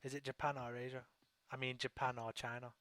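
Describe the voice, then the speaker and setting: Male host, blunt crude joker, casual chat, dry close sound, mid pitch. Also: flat delivery, fairly quick, fairly bright tone, no echo. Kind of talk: casual talk show chat.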